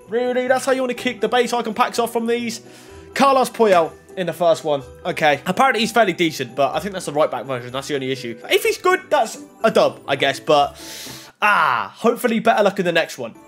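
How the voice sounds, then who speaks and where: A young man giving casual pack-opening commentary, swinging from muttering to excited shouting. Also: high voice. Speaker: gaming YouTuber. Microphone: desk microphone.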